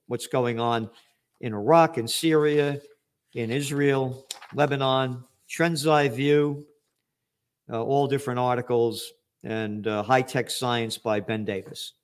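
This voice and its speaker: Blunt profane older New man. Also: on the high side. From New York, USA. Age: 70s. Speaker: host. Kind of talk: ranting commentary.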